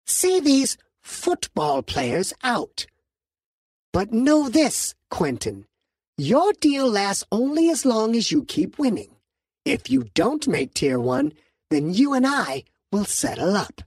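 A man voicing a small, furry alien mob boss, haughty and menacing, speaking slowly and coldly in an audiobook. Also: very high voice, sing-song, breathy edge, no echo, studio quality, pitched above the performer's own voice, heavily acted. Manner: slow, cold, threatening. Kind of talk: audiobook character voice.

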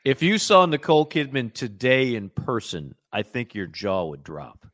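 A man's voice: mid-range voice, big pitch swings, moderate pace, a bit bright. A man co-hosting a casual sports talk show, chatty and self-deprecating. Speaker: radio show co-host.

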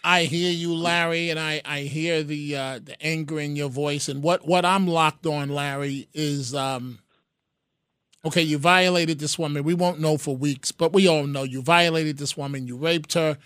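A man's voice: on the high side, fairly even intonation, normal speed, fairly bright tone, clean tone, no echo, clean studio sound. A man hosting a call-in radio show, talking frankly and directly to callers by name. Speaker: radio talk show host. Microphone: studio microphone.

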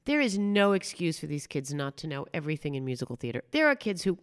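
A woman's voice: sits low, sing-song, fast, smooth. A middle-aged woman guest on a podcast, telling rambling anecdotes in casual chat, with lots of fillers and restarts. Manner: chatty anecdotal storyteller, many fillers and restarts.

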